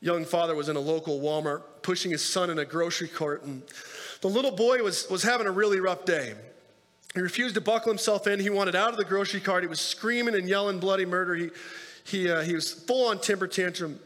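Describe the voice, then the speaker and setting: Pastor, man, high-pitched, casual preaching style, recorded with a long reverb tail. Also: brisk, a bit bright. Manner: conversational preaching with asides and rhetorical questions. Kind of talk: sermon.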